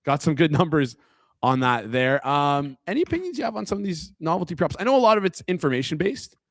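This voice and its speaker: A young man from Canada hosts a casual sports betting podcast in a playful, joking way. His voice moves a lot in pitch and jumps up sharply when something excites him. The sound is dry and close, with no room around it. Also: fast, dry recording. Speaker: podcast host.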